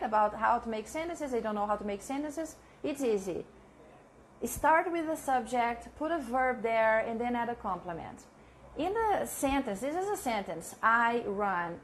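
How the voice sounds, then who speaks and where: A woman teaching a live online English lesson, chatting with viewers and repeating example sentences slowly, with frequent laughs. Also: fairly high pitch, slight background noise. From Brazil.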